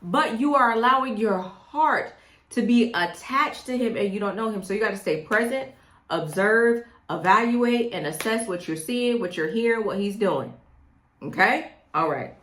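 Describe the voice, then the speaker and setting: A woman's voice: mid-range voice, a bit bright. A middle-aged woman coaching women on dating in a direct, emphatic way, often checking in with "okay?". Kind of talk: direct advice monologue. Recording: echoey room.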